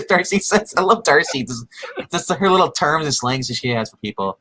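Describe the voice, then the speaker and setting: A man casually recapping a TV episode, rambling with lots of fillers and acting out characters' lines in animated bursts. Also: fairly high pitch, normal speed, dry recording, low-quality recording. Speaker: podcast co-host recapping a TV episode. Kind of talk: casual chat.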